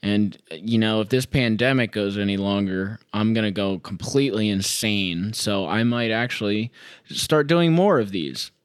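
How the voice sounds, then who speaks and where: A young man hosts a solo sports podcast, reacting to a game he's watching at home with a sarcastic, exasperated, expletive-filled rant. His voice is on the low side, smooth, and at a normal speed, with clean studio sound and no room sound.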